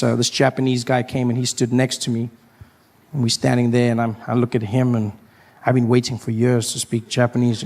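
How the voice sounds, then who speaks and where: A man in his thirties from Africa, performing a stand-up set and jumping into high put-on voices for his bits. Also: a little hiss or hum. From South Africa. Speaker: stand-up comedian. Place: live comedy venue.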